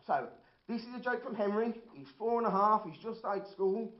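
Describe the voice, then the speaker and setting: A man's voice: high-pitched, animated, moderate pace. A man, telling a dry, self-deprecating stand-up comedy set in an indoor hall. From Birmingham, England. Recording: roomy, dull lo-fi hall recording.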